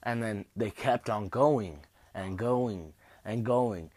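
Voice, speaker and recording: A man's voice: on the low side, slow, darkish tone, no room sound. Laid-back young man telling stories. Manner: rambling, laughing, swears casually. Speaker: host. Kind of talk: casual storytelling.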